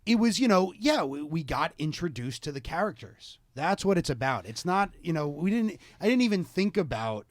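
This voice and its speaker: A man chatting casually as a podcast co-host, his voice sitting a little high. He rambles and restarts his sentences, full of ums and you-knows. The sound is close and dry, with no room in it. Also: big pitch swings, moderate pace, few pauses, no room sound. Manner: rambling, many fillers and restarts. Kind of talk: casual chat.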